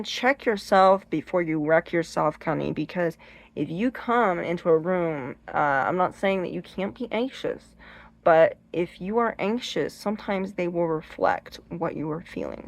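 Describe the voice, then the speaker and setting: A woman hosting her own channel, giving casual advice in a chatty, rambling way, full of restarts and acted-out shrieks. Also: lowish voice. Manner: emphatic, acts out shrieks and gestures. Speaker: channel host giving advice on haunted objects.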